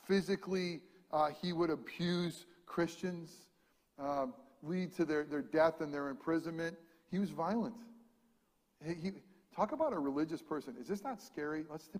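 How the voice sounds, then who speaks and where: Male pastor, animated sermon delivery, slightly high voice, long reverb of a large hall. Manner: animated preaching, shifts between loud emphasis and hushed asides.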